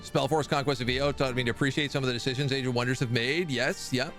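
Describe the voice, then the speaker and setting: A man's voice: medium pitch, steady tone, fast talker, a bit bright, soft background music. A man streaming a strategy game live, chatting casually and reading viewer messages aloud. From Canada. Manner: chatty, reads chat aloud and answers. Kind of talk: live gameplay commentary.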